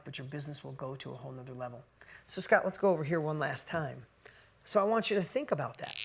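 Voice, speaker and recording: A middle-aged man giving a motivational business talk, energetic, telling stories and firing rhetorical questions. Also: high-pitched. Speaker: business speaker.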